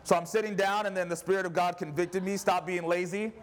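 A man with a high voice preaching to his congregation. He tells stories in an animated, conversational way and often turns to the listeners with a quick question. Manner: animated, conversational, asks the audience "right?". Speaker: pastor. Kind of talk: sermon with personal storytelling.

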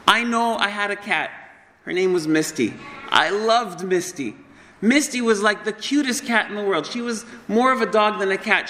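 A man preaching a sermon, passionate, racing through some phrases and slowing to solemn stresses on others. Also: high-pitched, pushed and bright. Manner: impassioned, swings between fast bursts and slow solemn stresses. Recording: long hall reverb.

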